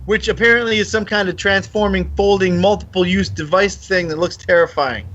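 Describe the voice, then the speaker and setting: A man guesting on a podcast, talking in a rambling, joking way full of quick tangents. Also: high-pitched, steady tone, a bit bright, highs cut off. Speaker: game studio founder and guest. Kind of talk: casual podcast chat.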